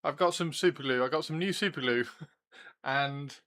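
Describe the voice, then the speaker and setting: A man's voice: fairly high pitch, normal speed, fairly bright tone. A man hosting a casual hobby livestream, chatty and giggly, repeating his greetings and thoughts as he works. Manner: chatty, repeats himself, laughs often. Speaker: livestream host. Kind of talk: casual chat while building models.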